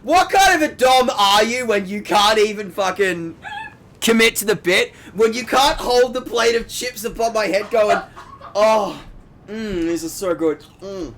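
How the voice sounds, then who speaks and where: A man's voice: sits high, normal speed. A man streaming a game, joking and riffing in casual chat while swearing freely. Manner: jokey, riffing, swearing, lively bits. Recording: music playing behind.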